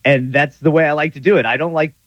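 A man's voice: on the high side, steady tone, quick pace, a bit bright, dry recording. Easygoing man, dry, slightly muffled. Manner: playful, slips into a laid-back surfer-dude voice. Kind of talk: casual conversation.

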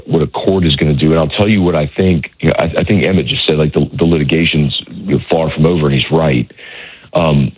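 A hoarse man who has lost his voice, reporting on college football over a phone line in a measured, hedging way with many restarts. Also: very deep voice, no room sound. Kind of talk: casual radio phone interview.

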